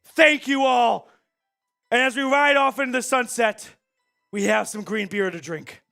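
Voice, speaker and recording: Excited male stream host; high, gravelly, slow, shouting chat shout-outs. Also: faint music behind. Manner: shouting excitedly, reading out super chats. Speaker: sports show host. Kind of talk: live-stream sports talk.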